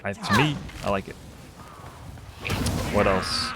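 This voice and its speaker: A man's voice: lowish voice, expressive, slow pace, background noise. Chatty young man streaming a game. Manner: rambling, chatty asides. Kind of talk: casual gameplay commentary. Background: game music.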